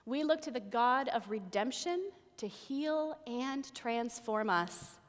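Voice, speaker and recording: A woman preaching a sermon in a church. She speaks in slow, deliberate phrases with emphatic pauses. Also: fairly high pitch, lively intonation, big-room sound. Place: church sanctuary. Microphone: pulpit microphone with feedback.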